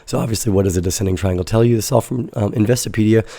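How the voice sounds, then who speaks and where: A man hosting a casual live crypto market analysis, hoarse and stuffy-nosed, explaining in a loose, rambling way with frequent self-corrections. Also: on the low side, racing, warm tone, no echo. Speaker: crypto trading show host.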